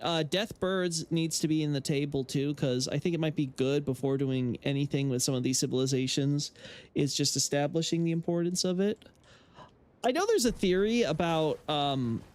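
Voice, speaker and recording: Male lore streamer, higher-pitched, rambling and opinionated, casual on-stream chat. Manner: rambling, frequent fillers and restarts, opinionated. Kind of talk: casual live-stream chat while playing.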